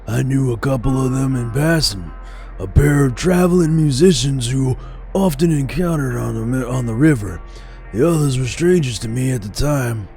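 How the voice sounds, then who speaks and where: A man's voice: medium pitch, lively intonation, normal speed, gravelly, warm tone, faint music behind, voice pushed up. A man voicing a male riverboat worker who tells old river stories, reading game narration aloud. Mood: musing. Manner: reflective storytelling, reading aloud.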